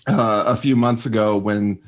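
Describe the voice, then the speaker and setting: A man's voice: lowish voice, steady tone, a little slow. A man chatting casually on a podcast, meandering through his points, breaking off mid-thought and laughing often. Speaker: podcast co-host.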